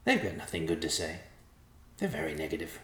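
A man's voice: extremely low pitch, wildly swooping pitch, fairly quick, a bit bright, heavily acted. A man voicing a small, smug male white mouse who talks down to everyone sarcastically. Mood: snide. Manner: sarcastic, superior, indignant. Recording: roomy echo.

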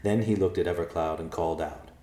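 A man narrating a storybook aloud in an expressive way. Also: low-pitched, quick pace. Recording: roomy echo.

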